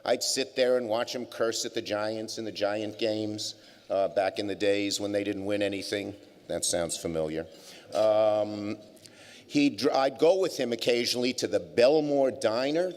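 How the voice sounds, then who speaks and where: A man's voice: on the low side, unhurried, a little mellow. An older man giving a public speech at a business forum, telling wry anecdotes with plenty of fillers. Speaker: keynote speaker. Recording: long hall reverb.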